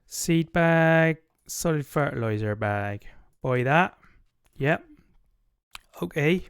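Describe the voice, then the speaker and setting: A man's voice: on the high side, expressive, takes it slowly, clear, resonant tone, dry recording. Chatty British man narrating his gameplay. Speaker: streamer. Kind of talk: casual gaming chat.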